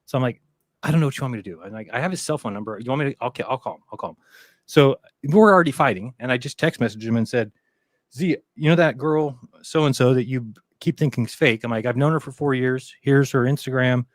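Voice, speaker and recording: Fast-talking man telling a rambling story. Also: medium pitch, no room sound, clean studio sound. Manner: rambling storyteller who acts out quoted dialogue, swears freely. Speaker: podcast guest. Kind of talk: casual conversation.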